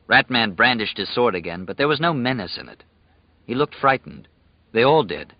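A man reading an audiobook as narrator in a measured, even storytelling manner. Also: medium pitch, dry recording, highs cut off. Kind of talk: scripted narration.

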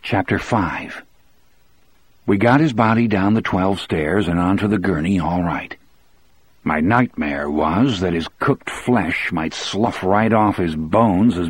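Low, husky male audiobook narrator. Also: dry recording. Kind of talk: first-person audiobook narration.

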